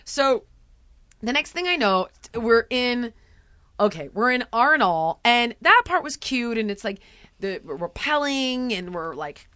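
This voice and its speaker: A woman hosting a chat show, telling a story in an animated, exaggerating way and acting out quotes. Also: a little high, unhurried, smooth, dry recording, dull audio. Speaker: podcast host telling a story. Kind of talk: casual chat.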